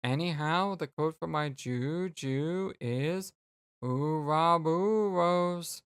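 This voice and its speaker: A let's play host voicing a gentle, polite young alien girl who speaks slowly and formally, reading game dialogue aloud. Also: mid-range voice, smooth, no room sound, clean studio sound. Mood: earnest. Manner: slow, formal, careful speech.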